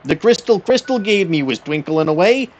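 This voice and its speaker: A man's voice: high voice, lively intonation, normal speed. A man voicing a folksy, stubborn Canadian braggart with a put-on Canadian accent, ending every sentence with "there, eh?". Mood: hammy folksy. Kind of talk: comic game-stream voice.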